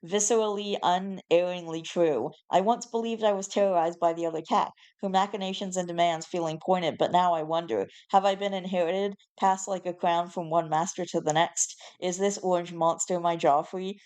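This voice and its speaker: A woman's voice: fairly low pitch, fairly even intonation, fairly quick, hardly any pauses, a little mellow, clear, resonant tone. A woman hosting a channel where she reads posts aloud, with mock-solemn drama and chatty asides. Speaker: host reading online posts. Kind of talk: reading a post aloud to camera.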